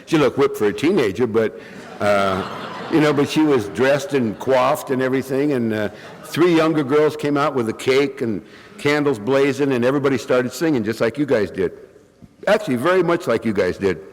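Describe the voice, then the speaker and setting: A man's voice: mid-range voice, normal speed. Man, wry humorous speaker, bronchitis cough, long hall reverb. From California. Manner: wry, self-mocking, acts out quotes. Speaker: recovery meeting speaker. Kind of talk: humorous storytelling talk.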